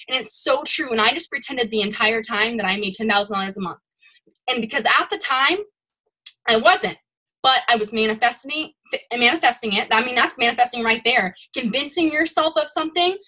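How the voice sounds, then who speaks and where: A young woman leading her sales team over a video call, giving a rambling, animated motivational talk. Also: fairly high pitch. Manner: rambling and animated, admits to ranting.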